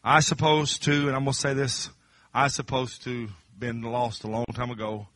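A middle-aged man preaching a sermon, dropping to low confiding talk and then rising to high shouted crescendos. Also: little pitch movement, normal speed, no echo.

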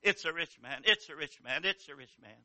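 An older man preaching a revival sermon with a fervent, repetitive cadence, dropping to low murmurs and rising to shouted cries. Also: animated, a little fast, dry recording.

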